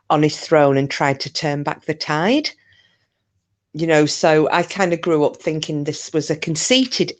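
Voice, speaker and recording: A woman's voice: low-pitched, a little mellow. A woman from Scotland hosting a casual live chat with viewers, talking in a jokey, rambling way with lots of fillers and restarts. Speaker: live stream host.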